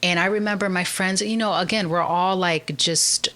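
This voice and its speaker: A woman from Chicago, a podcast guest, telling her personal story candidly and earnestly, often pausing on "um" and "like". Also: on the low side, noisy background. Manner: earnest, lively, with frequent "um" and "like".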